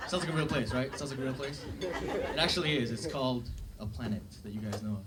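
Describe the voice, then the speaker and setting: A young male comedian talks through a stand-up set in a relaxed, self-deprecating way, with plenty of ums and asides, at a middle pitch. He speaks into a handheld mic on a club stage. Loud audience laughter and room noise fill the recording. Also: brisk, over a noisy crowd.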